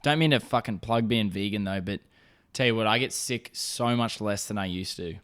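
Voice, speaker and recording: A man's voice: on the low side, normal speed, a bit bright. A young man hosting a casual solo podcast, rambling and swearing with lots of fillers, coming down with a sore throat. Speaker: podcast host.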